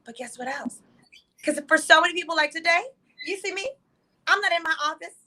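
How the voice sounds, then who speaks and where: Bright, excited woman legal expert. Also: very high-pitched, poor audio. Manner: fast, excited, emphatic. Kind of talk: excited explanatory talk show segment. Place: hotel room.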